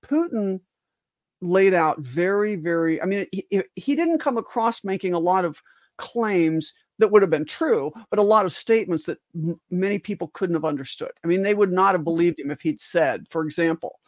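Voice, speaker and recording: A woman's voice: fairly low pitch, expressive, normal speed, no echo, studio quality. An older woman, a physician co-hosting a livestream discussion, talks in long rambling stretches full of restarts and asides, rising with emphasis on key points. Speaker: co-host physician.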